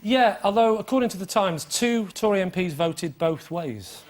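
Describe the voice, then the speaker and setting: A man's voice: sits high, expressive, moderate pace, a little hiss or hum. A man hosting a comic panel show, cracking jokes and laughing at his own gags.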